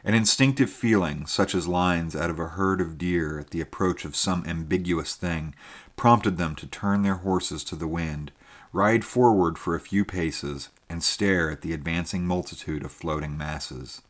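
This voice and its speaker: A man reading a story aloud with a very deep, low voice. His delivery is measured and steady, carrying long descriptive passages at an even keel. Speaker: audiobook narrator. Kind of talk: scripted narration.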